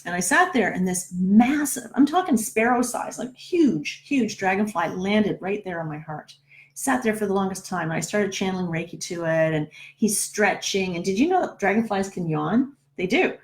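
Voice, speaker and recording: A woman's voice: medium pitch, lively intonation, normal speed. A middle-aged woman, a numerologist, telling a personal story in a casual, chatty way, often checking in with "right?". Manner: chatty, keeps asking "right?".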